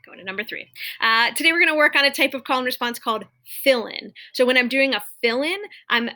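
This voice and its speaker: Bright-voiced woman modeling teaching cues. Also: high voice, fast. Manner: clear, exaggerated call-and-response cues to imagined students. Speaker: teacher coach modeling classroom techniques. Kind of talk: instructional demonstration.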